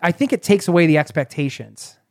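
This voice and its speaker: A man hosts a casual podcast interview, quick and playful as he probes his guest. His voice sits a little high and he talks very fast. The sound is close and dry. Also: big pitch swings, dry recording. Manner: rapid, probing, playful. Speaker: podcast host.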